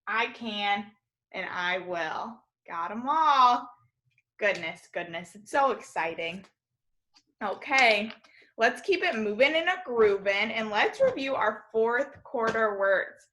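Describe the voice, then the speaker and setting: Woman kindergarten teacher, bright and fairly high voice, slow and encouraging with little kids. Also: lively intonation. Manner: slow, encouraging and upbeat, speaking to small children. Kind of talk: distance-learning lesson to young children.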